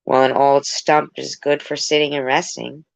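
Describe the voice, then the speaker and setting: A woman voicing a kind old female tree, worn down to a stump, in a gentle storybook reading. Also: rumbling low, little pitch movement, normal speed, creaky, no room sound.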